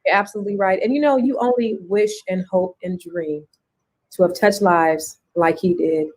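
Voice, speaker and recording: A woman's voice: fairly low pitch, steady tone, normal speed, a little mellow. A woman co-hosting a live talk show, chatting casually, affirming her partner and repeating phrases for emphasis. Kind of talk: casual chat.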